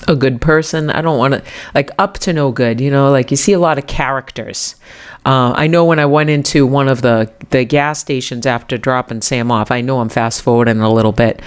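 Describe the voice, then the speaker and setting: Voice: mid-range voice, smooth. A podcast host with a New England accent, telling a story in a wandering, self-correcting way and chuckling often. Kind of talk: rambling casual storytelling.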